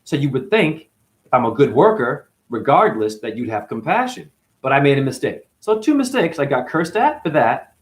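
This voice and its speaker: A man's voice: mid-range voice, big pitch swings, normal speed. A man recounting a conflict with his boss at his cleaning job, talking emotionally and quoting people as he tells it. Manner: emotional, recounting grievances with acted quotes. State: chronic hip pain. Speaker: janitor. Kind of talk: personal vlog storytelling.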